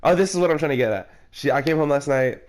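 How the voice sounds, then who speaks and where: A man's voice: on the high side, quick pace. A young man rambling through a personal story in casual chat with a friend while gaming, swearing and calling him bro. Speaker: player chatting with a friend. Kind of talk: casual chat during a game.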